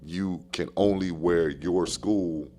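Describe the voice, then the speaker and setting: A man with a very deep voice tells stories from his coaching career in a loose, slangy podcast style. He talks with plenty of animation and hammers his points by repeating short phrases. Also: slow pace, mellow, a little hiss or hum. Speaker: basketball coach. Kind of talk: casual podcast storytelling.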